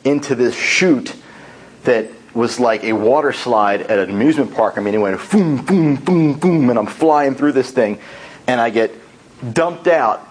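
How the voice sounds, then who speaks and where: Husky man telling a tall tale. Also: mid-range voice, measured pace, rough recording. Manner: animated storytelling. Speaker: speaker at a speaking club.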